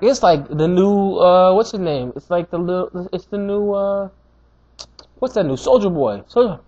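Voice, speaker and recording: Husky man, highish voice, animated slangy fight-review rant, dull lo-fi recording. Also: unhurried. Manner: animated, slangy, emphatic repetition. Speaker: MMA commentator.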